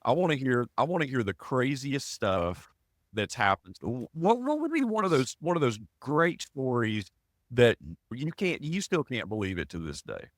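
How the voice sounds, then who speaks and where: A man's voice: mid-range voice, sing-song, normal speed, dry recording, studio quality. A man hosting a podcast, asking eager questions in a conversational interview. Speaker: podcast host.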